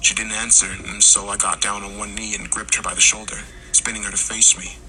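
A man narrating a horror story, acting out the characters' lines and rising to shouts in tense moments. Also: fairly low pitch, level tone, fairly quick, slight background noise, low-quality recording. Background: music.

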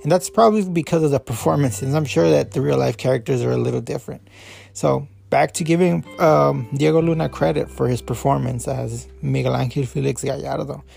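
A man's voice: mid-range voice, a little fast, vocal fry, darkish tone, soft background music. A man hosting a podcast, giving a loose, rambling review full of fillers and restarts, a Spanish speaker. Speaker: podcast host. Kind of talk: casual review talk.

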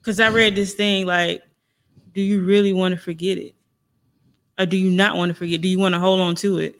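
A woman's voice: fairly low pitch, flat delivery, fairly quick. A woman co-hosting a casual faith chat, speaking earnestly about God, healing and forgiveness.

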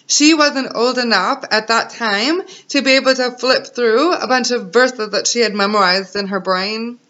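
A woman's voice: a little high, fairly bright tone. A woman in her thirties sharing an emotional personal faith testimony as a mother, earnest and encouraging. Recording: dull lo-fi recording.

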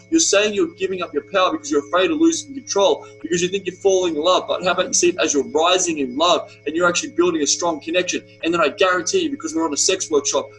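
A man's voice: on the high side, fairly bright tone, slight background noise, rough recording. A young man who coaches men's retreats, talking bluntly and with lots of profanity while telling stories as a guest on a podcast. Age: young adult. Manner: blunt, profane, emphatic storytelling. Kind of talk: podcast conversation.

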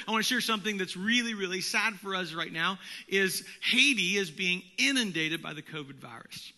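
High-voiced preacher in a reverberant sanctuary. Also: male voice, lively intonation, normal speed. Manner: earnest preaching that drops to a hushed storytelling tone. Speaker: pastor. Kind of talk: sermon. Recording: long hall reverb.

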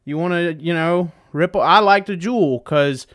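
A man's voice: fairly high pitch, moderate pace, a bit bright. A young man hosting a casual solo podcast, rambling and joking with plenty of profanity. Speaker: podcast host. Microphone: desk setup with webcam.

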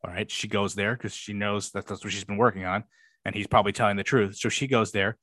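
A man's voice: fairly low pitch, fairly even intonation, fast talker, fairly bright tone, no room sound. A young man co-hosting a podcast, rambling through a show recap in casual chat, swearing freely and acting out quoted lines. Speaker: podcast co-host.

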